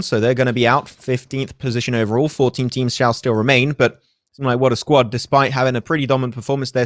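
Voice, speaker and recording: A man casting a live mobile shooter tournament, fast play-by-play commentary with joking asides. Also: medium pitch, dry recording. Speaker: esports caster.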